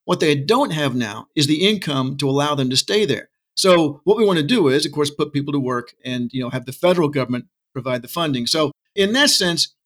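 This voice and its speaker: A middle-aged man from Texas, his voice fairly high and fairly bright, speaks passionately as an interview guest. In casual interview talk, he argues his case with asides and rhetorical questions.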